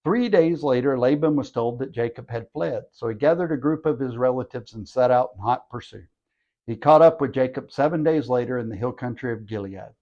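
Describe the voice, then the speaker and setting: A man's voice: medium pitch, brisk, mellow, dull audio. A man who hosts a podcast, reading a scripture passage aloud and breaking in with wry jokes. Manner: wry, joking asides. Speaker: scripture reader and podcast host. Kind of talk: bible reading with asides.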